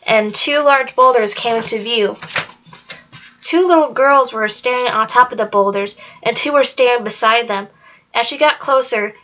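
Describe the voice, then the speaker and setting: A woman narrating a children's fantasy book aloud in a steady, plain storytelling read. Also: a little high. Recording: dull lo-fi recording.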